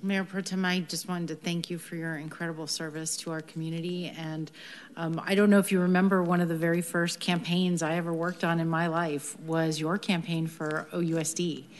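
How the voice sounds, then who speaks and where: A woman's voice: on the low side, level tone, brisk, a little hiss or hum. A woman council member thanking a colleague earnestly at a city council meeting.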